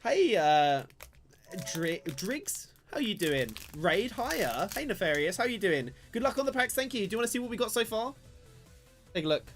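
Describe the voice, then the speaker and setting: Casual young male streamer, slightly high voice, rambling and self-mocking, light music bed behind. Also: sing-song, normal speed. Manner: rambling, chatty, self-deprecating, talks to chat. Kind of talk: casual live-stream card opening commentary. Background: faint background music.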